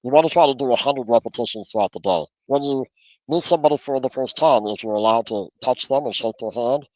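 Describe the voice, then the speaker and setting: A man's voice: mid-range voice, fast talker, no room sound, muffled recording. A man giving a podcast interview as a coach, talking through mindfulness exercises in an earnest, instructive way and often repeating words as he restarts. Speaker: transformational coach, guest. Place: home office.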